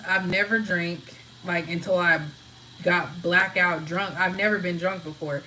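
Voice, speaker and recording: A woman casually rambling from home to her live viewers, answering their comments in a relaxed, open way. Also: lowish voice, takes it slowly, a little hiss or hum, low-quality recording. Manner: relaxed, talks freely, answers chat comments. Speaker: livestream host.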